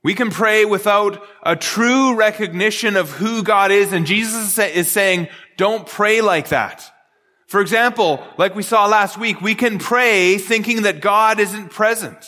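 Bright high-voiced male pastor in a reverberant hall. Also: measured pace. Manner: earnest teaching with frequent restarts. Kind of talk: sermon.

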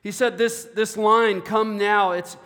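A man's voice: high voice, steady tone, takes it slowly, fairly bright tone. A man preaching a sermon as pastor, earnest and prone to repeating words as he goes. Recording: long hall reverb.

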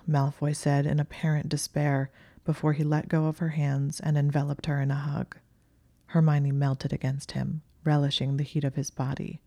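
An audiobook narrator reads fiction in a calm, steady storytelling way. The voice is mellow and level, with little rise or fall. The recording is close and dry. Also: medium pitch, normal speed, gravelly, dry recording. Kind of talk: scripted narration of fan fiction.

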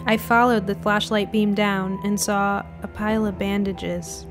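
A woman calmly narrating a first-person spooky story in an even storytelling manner. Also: mid-range voice, a little slow, over music.

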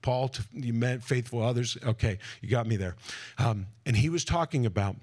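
A man preaching to a live conference audience, energetic and direct, with a voice in the middle of the male range. He breaks in with jokey asides and keeps checking whether the crowd is following him. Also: medium pitch, normal speed. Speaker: conference speaker.

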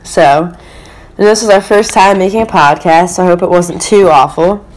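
A woman's voice: lowish voice, normal speed. A young woman co-hosting a casual podcast, retelling dating-app messages with a laugh. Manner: chatty storyteller who laughs at her own anecdotes. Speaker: podcast co-host.

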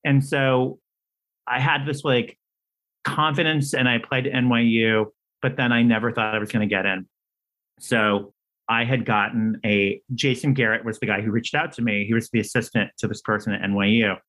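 A playwright and screenwriter chats as an interview guest at a moderate pace, telling stories casually and restarting often. He's an animated storyteller whose quoted dialogue comes with big pitch jumps, and he's talkative, full of fillers. The recording is rough.

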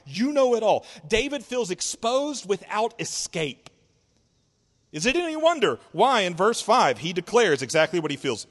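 A man preaching a sermon in an expressive, conversational way, asking rhetorical questions and drawing out words. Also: high voice, normal speed, big-room sound. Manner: conversational, sarcastic asides. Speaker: pastor.

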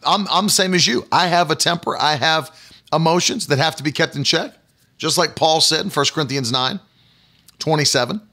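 A man's voice: a little high, vocal fry, pushed and bright. A middle-aged man preaching a sermon, emphatic and repetitive, often asking the congregation rhetorical questions.

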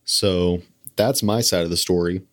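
A man's voice: sits low, steady tone, measured pace, dry recording, studio quality. A young man, a podcast guest, telling a story in a casual, wry, conversational way.

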